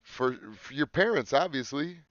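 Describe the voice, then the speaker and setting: A man's voice: on the high side, normal speed, a bit bright, dry recording, muffled recording. A man co-hosting a casual podcast, joking crudely and reading facts aloud off a screen. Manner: crude, joking, swears freely. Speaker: podcast co-host.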